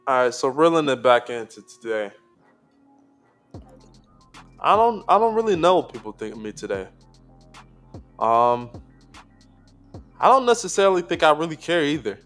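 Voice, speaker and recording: A man with a fairly high voice talks through a casual podcast conversation. He rambles, stacks fillers and restarts, and swears freely. Faint music sits under his voice. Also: big pitch swings, moderate pace, long pauses, a bit bright. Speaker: podcast co-host.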